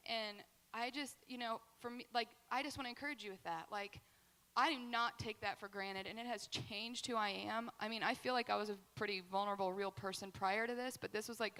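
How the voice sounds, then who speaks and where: A woman pastor speaks with a bright, clear tone, open and heartfelt, her words tumbling out with many fillers. The sound carries a long reverb from a church hall. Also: mid-range voice. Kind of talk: candid testimony at a church Q&A.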